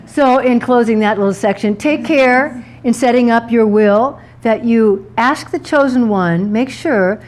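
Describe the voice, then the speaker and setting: A woman's voice: fairly high pitch, unhurried, hardly any pauses, darkish tone. A woman author giving a talk to a live audience about words, playful and laughing at her own wordplay.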